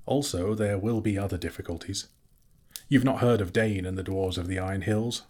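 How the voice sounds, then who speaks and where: A man voicing a polite, fussy male hobbit who talks in a brisk, businesslike, genteel way, a little husky. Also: sits low, darkish tone.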